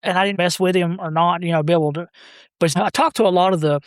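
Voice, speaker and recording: A man, a podcast guest telling stories about his brother in a halting, rambling way. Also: sits high, steady tone, clear, resonant tone, dry recording, clean studio sound. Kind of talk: casual storytelling.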